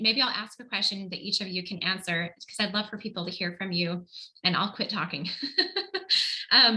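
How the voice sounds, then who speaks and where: A woman hosts a casual online panel over a video call, chatty and enthusiastic, often stopping to correct herself. Her voice is bright and forceful, with a middle pitch. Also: low-quality recording. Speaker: host.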